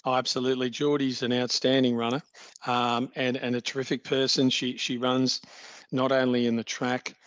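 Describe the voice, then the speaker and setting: Man, podcast guest, measured and informative, dry close sound, slightly muffled audio. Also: mid-range voice, flat delivery, a bit bright, no room sound. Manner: measured, informative, full of praise. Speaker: athletics league official guest. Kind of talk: podcast interview answers.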